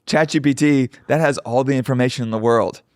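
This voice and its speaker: A man's voice: medium pitch, a little fast, a little mellow, dry recording, clean studio sound. A man co-hosting a podcast in casual comedic chat, riffing with wry jokey asides. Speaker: podcast co-host.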